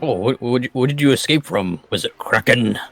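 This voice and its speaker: A man playing a naive character at a tabletop game, loud and blurting. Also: mid-range voice, lively intonation, normal speed, creaky, faint music behind. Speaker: player. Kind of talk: in-character roleplay.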